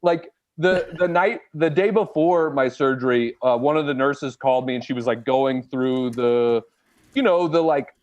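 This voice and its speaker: A man's voice: mid-range voice, moderate pace, dull audio. A man, a stand-up comedian, telling a funny personal story in casual, jokey chat. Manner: animated, jokey, acts out voices of others.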